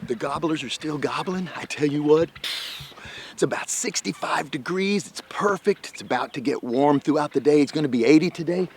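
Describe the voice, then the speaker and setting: A man hosting a hunting show, giving excited outdoor commentary in the field, at times dropping to a hushed voice. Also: fairly high pitch, moderate pace, a little hiss or hum.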